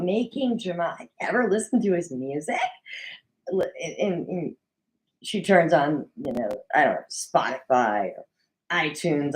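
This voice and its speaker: Solo recap host, woman, lively swooping delivery, slightly low-set voice, chatty and opinionated. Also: poor audio. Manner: chatty, opinionated, animated with mock quoted voices. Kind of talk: casual solo recap commentary. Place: at a desk at home.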